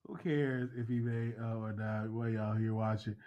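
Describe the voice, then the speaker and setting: A man hosting a casual livestream chat, teasing his viewers in an animated, repetitive, slangy way. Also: fairly low pitch, normal speed, muffled recording. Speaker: host.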